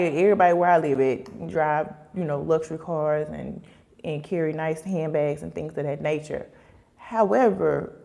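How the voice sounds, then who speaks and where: A young woman hosting a casual livestream, talking in an animated way with lots of fillers and acting out quoted voices. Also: fairly low pitch, vocal fry.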